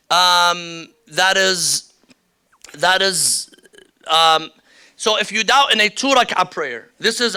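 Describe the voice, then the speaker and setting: A religious teacher leads a workshop lecture on prayer rules in an indoor hall or classroom with slides, explaining step by step and repeating the key rulings. His voice is high-pitched, bright, forceful, clear and resonant.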